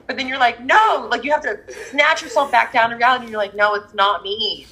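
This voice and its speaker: Husky woman chatting away casually, does little voices for people she quotes. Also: fairly high pitch, brisk, low-quality recording. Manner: animated, acts out quoted people. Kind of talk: casual chat about astrology.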